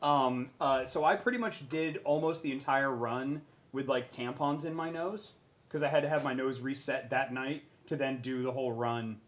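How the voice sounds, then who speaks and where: A man's voice: mid-range voice, moderate pace. A young man on a charity stream panel, casually telling a story and acting out bits of it. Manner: animated, acts out quotes with raised voice.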